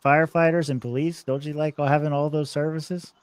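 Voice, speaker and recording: A man's voice: on the high side, little pitch movement, brisk, smooth, no room sound, poor audio. A man co-hosting a casual podcast who teases the others and laughs often. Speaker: podcast co-host.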